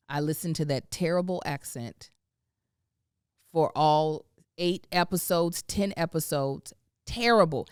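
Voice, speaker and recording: A woman hosting a casual podcast chat, expressive, laughing often and drawing out words for emphasis. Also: on the low side, smooth, dry recording, clean studio sound. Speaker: podcast host.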